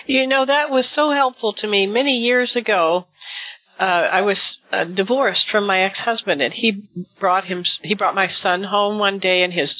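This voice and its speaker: A woman's voice: medium pitch, fairly even intonation, normal speed, fairly bright tone, dry recording, low-quality recording. A woman hosting an interview, chatty, telling a personal story and asking follow-up questions. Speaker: interview host. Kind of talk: interview conversation.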